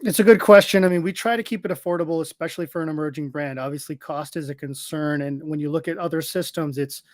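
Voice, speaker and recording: A man speaking as an interview guest, explaining his company's software in a confident, explanatory way. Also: quick pace, hardly any pauses, dry recording, clean studio sound. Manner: explanatory, confident pitch of a product. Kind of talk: casual interview talk.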